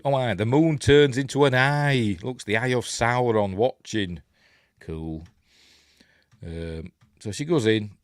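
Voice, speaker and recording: A man's voice: lowish voice, no room sound, clean studio sound. A middle-aged man with a Yorkshire accent hosting a rambling, chuckling film breakdown, going off on tangents as he talks. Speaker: film review host. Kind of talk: casual film commentary.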